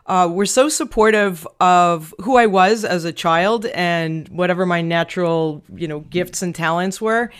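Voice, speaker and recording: A middle-aged woman from Long Island, a guest auctioneer, telling a personal story in an interview with animated expression. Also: on the low side, unhurried, hardly any pauses, smooth. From Long Island, New York.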